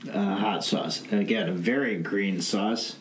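A man's voice: fairly low pitch, a little slow. A man co-hosting a casual podcast in an easygoing, wry way. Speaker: podcast co-host. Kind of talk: casual chat. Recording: roomy recording with audible hiss.

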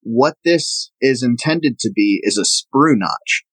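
His mid-range voice is slightly bright, with lively intonation at a slow pace. A guest from the American South, this knife maker walks through his work in a casual interview, showing items as he explains, on a low-quality recording without echo.

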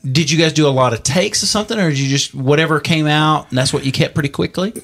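A man's voice: fairly high pitch, fast, a bit bright. A male interviewer asking curious questions and giving brief encouraging prompts. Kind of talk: oral history interview.

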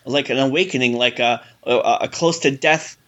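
Casting: male co-host, mid-pitched voice, rambling joking film chat. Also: moderate pace, highs cut off, a crowd in the background. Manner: rambling, joking, trails off with fillers. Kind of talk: casual film discussion.

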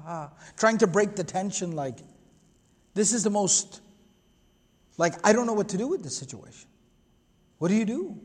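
A man's voice: sits high, darkish tone, in a large hall. A man giving an earnest religious history lecture, explaining at length and quoting Arabic passages. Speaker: Islamic lecturer.

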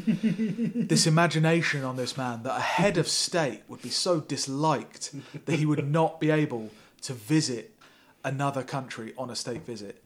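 A man hosting a podcast who reads a thriller novel aloud with heavy sarcasm, laughing often and breaking off to mock the text. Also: mid-range voice. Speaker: podcast host. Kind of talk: comic reading of a thriller novel.

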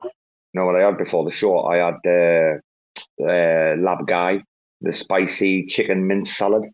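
A man's voice: sits low, fairly even intonation, unhurried. A man hosting a casual online chat, rambling and swearing through banter. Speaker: host. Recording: dull lo-fi online audio.

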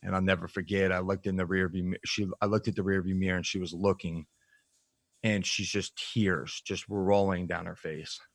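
A man, a podcast guest, frankly telling his life story in a reflective, halting way with plenty of fillers. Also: low voice, level tone, creaky, no echo. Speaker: podcast guest, nutrition coach. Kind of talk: candid personal storytelling in an interview.

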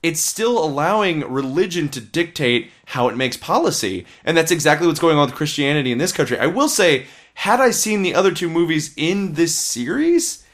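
A man co-hosting a casual podcast, rambling and opinionated as he reviews films, swearing freely. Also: a little high. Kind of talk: casual chat.

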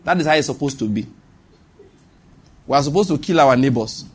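Husky Nigerian preacher, emphatic. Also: male voice, medium pitch, expressive, a little fast. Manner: emphatic, repeats lines for stress, calls on the congregation. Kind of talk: sermon.

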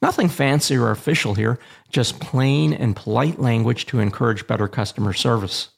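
Gravelly-voiced man teaching pilot radio procedure. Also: mid-range voice, moderate pace. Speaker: aviation radio communication instructor, podcast host. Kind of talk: scripted educational narration.

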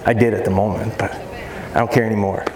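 A man, a dog trainer, giving a lively live seminar talk to an audience in a large expo hall, often joking. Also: brisk, over a noisy crowd. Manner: lively, jokey, acts out high baby-talk voices to dogs. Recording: echoey hall with faint noise.

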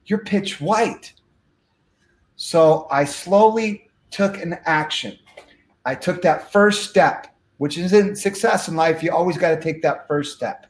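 Man guest, high voice, echoey room, animated storytelling, acts out dialogue. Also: a little slow. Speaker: guest speaker. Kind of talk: storytelling in an interview.

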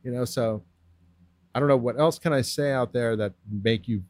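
A man's voice: medium pitch, moderate pace, darkish tone, no echo. Man, laid-back, slangy, swears a lot, casual podcast chat, dry close sound. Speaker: podcast guest, grower.

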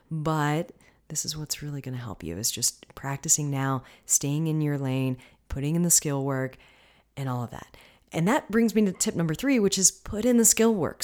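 A woman's voice: low-pitched, darkish tone. A woman hosting her own podcast, talking casually and coaching her listeners, often checking in with them. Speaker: podcast host. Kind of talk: casual solo podcast talk.

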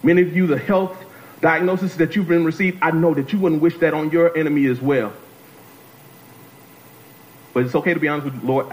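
A man's voice: fairly high pitch, steady tone, a little fast, long pauses, low-quality recording. A man preaching a sermon as a guest speaker, talking to the congregation, repeating phrases and calling on them to answer.

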